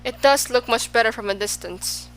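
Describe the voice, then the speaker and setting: A woman voicing an excitable, fickle man who swings between extremes, in an audiobook. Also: fairly high pitch, moderate pace, a little hiss or hum, close to an everyday voice, poor audio. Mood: eager. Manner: exclaiming, swinging between moods.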